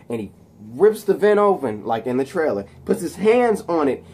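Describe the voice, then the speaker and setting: A man casually retelling a movie plot, rambling excitedly with many restarts. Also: on the high side, moderate pace, husky. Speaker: channel host.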